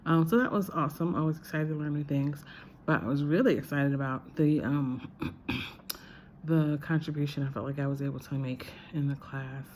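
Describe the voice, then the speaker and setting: Low-voiced woman in a chatty vlog. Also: fairly even intonation, moderate pace, darkish tone, a little hiss or hum. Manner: chatty, reflective, many fillers. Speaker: visiting lecturer. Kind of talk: casual spoken diary.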